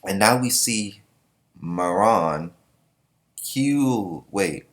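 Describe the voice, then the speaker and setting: Low-voiced, profane reaction host. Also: male voice, animated, extremely slow. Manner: profane, joking, reads panels aloud in put-on voices. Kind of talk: casual reaction commentary.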